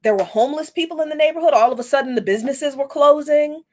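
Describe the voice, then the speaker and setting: A woman's voice: high voice, fast. A woman in her forties hosting a podcast, telling a personal story in a reflective, candid way with frequent restarts and casual cursing. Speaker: podcast host.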